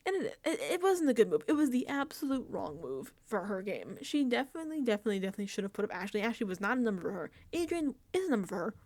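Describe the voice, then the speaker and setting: A woman host giving a casual, animated recap of a reality show, laughing often and sounding exasperated. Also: fairly high pitch, rapid-fire, few pauses.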